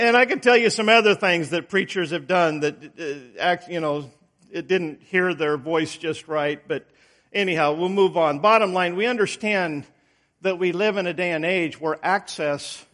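A man's voice: on the high side, normal speed, fairly bright tone. A middle-aged male preacher giving a sermon, telling homey stories and stressing words with emphatic rises. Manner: folksy storytelling, emphatic rises.

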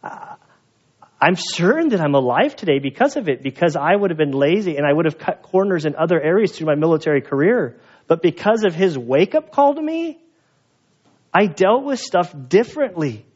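A man preaching a sermon as pastor, telling stories in an animated way and acting out the voices of the people in them. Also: on the high side, moderate pace, husky, muffled recording. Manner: animated storyteller, acts out quoted voices. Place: church.

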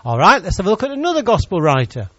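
Lively high-voiced male preacher. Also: fast talker, no echo, highs cut off. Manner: animated, joking with the congregation. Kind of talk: sermon. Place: church.

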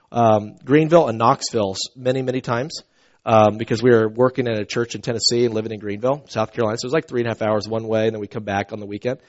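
A man preaching a conversational sermon, telling stories with swings from soft asides to loud outbursts. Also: mid-range voice. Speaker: pastor. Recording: dull lo-fi recording.

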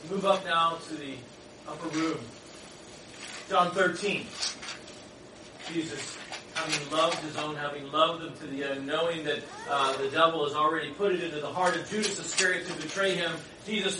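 A middle-aged man preaching a sermon, telling stories in an animated way and acting out the people in them. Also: a little high, moderate pace. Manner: animated storytelling with laughs and acted voices. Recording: echoey room from far off, noisy.

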